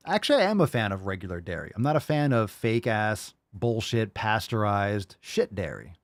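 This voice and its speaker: A man's voice: fairly low pitch, very animated, moderate pace, hardly any pauses, no room sound, clean studio sound. Loose, profane male podcast host. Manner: loose, rambling and profane, with many fillers. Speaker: podcast host answering listener calls and questions. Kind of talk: casual live call-in podcast.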